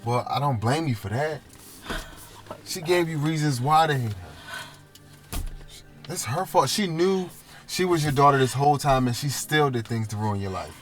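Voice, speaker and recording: A man playing a calm friend who consoles and reassures. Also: mid-range voice, unhurried, pauses often, soft background music, lightly acted. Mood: consoling.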